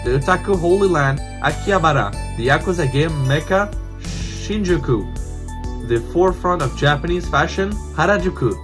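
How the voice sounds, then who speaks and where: A man's voice: fairly high pitch, expressive, a little fast, few pauses. A man hosting a gameplay video who reads the game's lines aloud in a casual, upbeat way, with small slips. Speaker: gaming host. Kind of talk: gameplay commentary, reading dialogue aloud. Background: faint game music.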